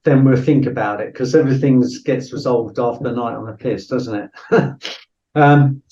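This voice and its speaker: A middle-aged British man, a former soldier, tells a story as a guest on a podcast in a casual interview, speaking bluntly, swearing freely, and saying "you know" constantly. His medium-pitched voice has a dark tone and moderate pace, captured by a distant, dull-sounding mic in a roomy space.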